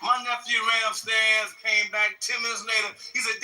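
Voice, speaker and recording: Brief: male joke-teller, high bright voice, loose stammering delivery. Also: steady tone, moderate pace, hardly any pauses, recorded from a distance, a little hiss or hum, poor audio. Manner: loose storytelling with stammered repeats. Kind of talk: telling a joke.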